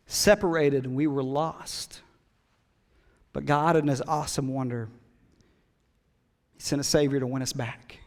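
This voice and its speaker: A middle-aged man preaching with a fairly high voice, at ease with his congregation. He climbs to loud emphatic peaks, then drops to near whispers. The sound carries a long reverb from a church hall. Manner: swings from loud emphatic build-ups to hushed whispers; conversational, jokes with the congregation. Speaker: pastor. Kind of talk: sermon.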